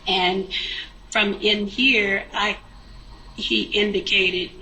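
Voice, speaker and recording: Front desk lady remembering stuff, halting, bright sharp voice. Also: medium pitch, steady tone, a little hiss or hum, rough recording. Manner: hesitant, recalling details with fillers. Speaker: hotel front desk clerk. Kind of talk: witness interview.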